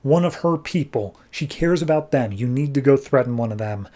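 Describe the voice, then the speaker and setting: A man's voice: medium pitch, lively intonation, dark tone, natural voice. A man playing an earnest female hero leader with an eager, persuasive manner. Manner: eager, persuasive, talks fast.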